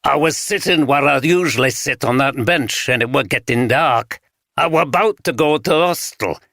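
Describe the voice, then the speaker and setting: A man putting on a gruff Yorkshire vagrant. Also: mid-range voice, moderate pace, fairly bright tone, no echo, clean studio sound, pitched above the performer's own voice, lightly acted. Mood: wary. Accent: broad Yorkshire. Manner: blunt, clipped dialect speech. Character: wary scruffy homeless man, gruff and suspicious.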